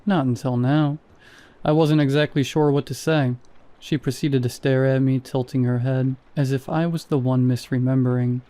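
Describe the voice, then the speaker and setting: Smooth, mellow male horror narrator. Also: medium pitch, fairly even intonation, no room sound. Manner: measured, first-person storytelling.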